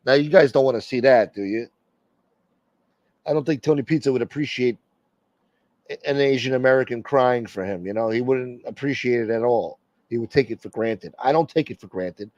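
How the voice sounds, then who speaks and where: A man's voice: medium pitch, normal speed, a little mellow, dry recording, lo-fi sound. Brash, profane male livestream host. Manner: brash, profane, joking banter with viewers. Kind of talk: casual livestream chat.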